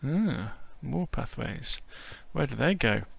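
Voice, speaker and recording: A man's voice: medium pitch, expressive, slow, vocal fry, slightly rough, no echo. A man narrating a casual walkthrough as host, chatty and whimsical.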